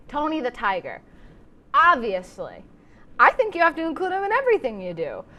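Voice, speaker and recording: A woman's voice: on the high side, fairly bright tone. A young adult woman hosting a comedy show, delivering a playful, exaggerated monologue.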